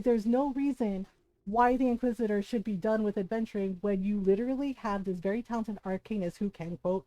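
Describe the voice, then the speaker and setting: A woman's voice: fairly high pitch, dark tone, dry recording, rough recording. A woman streamer chatting casually to her viewers, ranting heatedly and swearing often, with frequent laughs. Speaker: game streamer. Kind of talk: casual chat while livestreaming.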